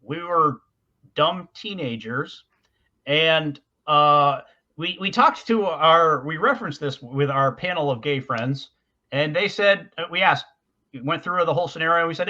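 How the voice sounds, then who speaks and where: A man with a fairly high, bright voice chats casually as a podcast co-host. He rambles and hesitates, restarting his sentences. The recording sounds dull and lo-fi. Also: animated, measured pace. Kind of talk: casual chat.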